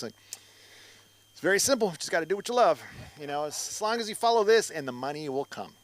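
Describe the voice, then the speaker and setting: A man's voice: on the high side, animated, quick pace. A middle-aged man doing a rambling stand-up set at an open mic, with ranting asides. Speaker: stand-up comic. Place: comedy club stage.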